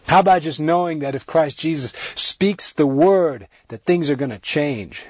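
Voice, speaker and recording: Husky male preacher, earnest sermon delivery, dry muffled close-mic recording. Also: fairly high pitch, normal speed, a little mellow, dry recording. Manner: earnest, repetitive, rising emphasis. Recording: dry, dull lo-fi sound.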